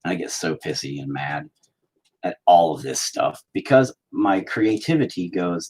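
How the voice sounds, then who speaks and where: Husky guy cussing out his painting, voice jumps all over the place. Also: sits low, lively intonation, a little slow, a little mellow. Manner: profane, rambling, mock-angry. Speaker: painting vlogger. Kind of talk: casual rant while painting.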